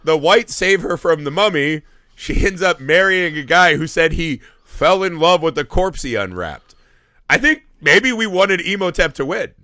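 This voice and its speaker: A man co-hosting a movie podcast, talking in an animated, jokey way, swearing and slipping into silly voices. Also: a little high, normal speed, no room sound, studio quality. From Syrian family background. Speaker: podcast co-host. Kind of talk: casual movie review chat.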